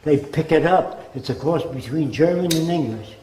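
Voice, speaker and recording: An older man gives a rambling lecture and slips into accents to make his points. His voice sits fairly high with a soft, mellow tone, and the room echoes. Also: normal speed, slight background noise. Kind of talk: informal lecture.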